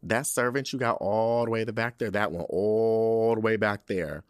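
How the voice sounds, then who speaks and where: A man's voice: fairly low pitch, moderate pace, clean tone, no room sound, studio quality, natural voice. A man doing a bossy old queen. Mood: commanding. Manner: imperious, dismissive.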